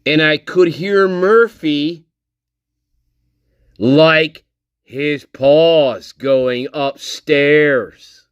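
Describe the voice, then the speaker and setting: A man hosting a livestream, slowly reading out and mocking a statement in a profane rant. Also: on the high side, clear, resonant tone, no room sound, highs cut off. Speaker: channel host. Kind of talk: livestream commentary.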